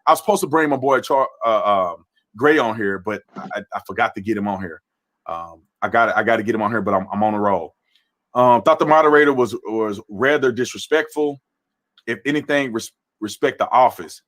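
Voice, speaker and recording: A man's voice: fairly low pitch, lively intonation, a little fast, fairly bright tone. A man hosting a political commentary livestream who talks animatedly and often restarts his phrases. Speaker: livestream host.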